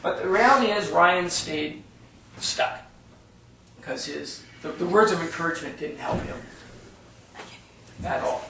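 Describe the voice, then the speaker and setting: A man with a slightly high, gravelly voice tells a story to a live audience in an easy, conversational way. He is heard from some distance in an echoey room, with faint room ambience behind him. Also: a little slow, pauses often, sharp tone, a little hiss or hum. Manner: conversational, frequent "right?" checks with audience. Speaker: workshop leader. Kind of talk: storytelling workshop talk. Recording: echoey room, speaker off-mic.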